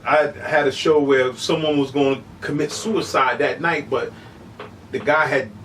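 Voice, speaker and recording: A middle-aged man telling stories as an interview guest, animated and casual, often saying "you know what I'm saying". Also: mid-range voice, moderate pace, far from the mic, a little hiss or hum, low-quality recording. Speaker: human beatboxer, interview guest.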